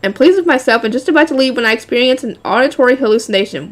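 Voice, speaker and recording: A woman's voice: fairly high pitch, lively intonation, rapid-fire. A woman reading a light novel aloud, often laughing and breaking off to chat with her viewers.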